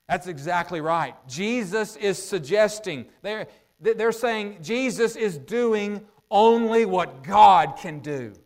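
A man delivering a sermon in a high voice. He talks it through like a conversation, tossing rhetorical questions to the congregation and pausing with "uh" as he works through his thoughts. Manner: thinks out loud with frequent "uh" pauses. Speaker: preacher.

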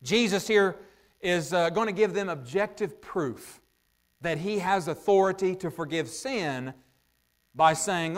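A man preaching a sermon in a conversational way, asking his listeners rhetorical questions and pausing often with "uh" as he thinks out loud. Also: high voice. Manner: thinks out loud with frequent "uh" pauses.

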